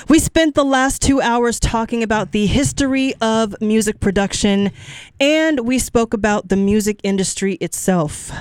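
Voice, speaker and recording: A middle-aged woman hosts a radio music show from a studio, chatting casually between songs in an encouraging way that sometimes drifts off track. Her mid-range voice is a little mellow and clean, captured on a studio microphone with clean sound and no room noise.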